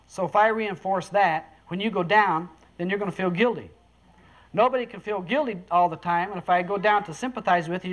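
A storyteller talks in a folksy, easygoing way, often chuckling and acting out the voices of the people in the tale. The voice sits at an ordinary middle pitch. A faint hiss of room ambience runs underneath. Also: fairly bright tone. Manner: folksy, chuckles between lines, acts out quoted voices. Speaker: speaker telling a story to listeners. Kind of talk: casual storytelling talk.

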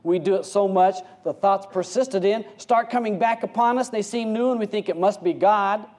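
A man gives an informal sermon as a spiritual teacher, his folksy delivery peppered with rhetorical questions. He moves back and forth between quiet, low stretches and raised, quicker sections.

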